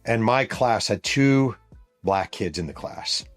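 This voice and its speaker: A man's voice: on the low side, animated, takes it slowly, soft background music. A middle-aged man from New York State, hosting a podcast and retelling a story in a casual, profane, vivid way. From New York State, USA. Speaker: podcast host and author.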